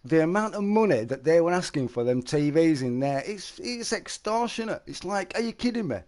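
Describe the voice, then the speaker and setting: A man's voice: a little high, animated, normal speed, a little mellow. A middle-aged man, chatting casually to viewers on a live stream and telling stories. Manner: chatty, storytelling, calls listeners mate.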